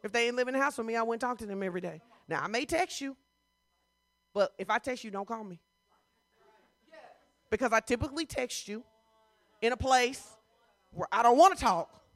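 Woman preaching, lots of questions at the crowd, sharp bright voice, dry sound. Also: a little high, moderate pace, long pauses, dry recording. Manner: conversational, full of rhetorical questions; emphatic, rising to loud bursts. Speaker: pastor. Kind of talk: sermon.

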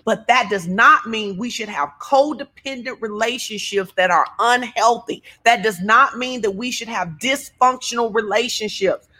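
Woman pastor, slightly high voice, animated sermon delivery. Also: normal speed, hardly any pauses. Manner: animated, teasing, conversational preaching. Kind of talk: sermon-style church talk.

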